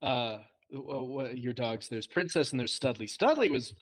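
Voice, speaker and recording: A man, a high school English teacher, chatting casually and telling self-deprecating stories with frequent laughs. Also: expressive, normal speed. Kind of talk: casual chat.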